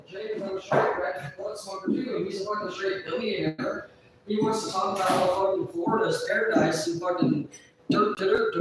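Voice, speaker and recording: A woman's voice: lowish voice, noisy background. A woman telling a long story on a livestream in a rambling, profane way, swearing constantly. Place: indoors, live stream. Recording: roomy echo, distant mic.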